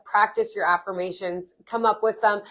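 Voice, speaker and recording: A woman's voice: mid-range voice, steady tone, moderate pace, pushed and bright. A woman co-hosting a casual motivational chat, upbeat and chatty with many fillers. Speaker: co-host.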